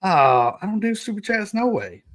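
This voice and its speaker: Pria podcaster santai yang sering tertawa. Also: male voice, high-pitched, very animated, moderate pace, a bit bright. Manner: laughs often, jokes and riffs with chat while reading notes. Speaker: podcast host. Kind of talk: casual solo podcast reading to a live chat.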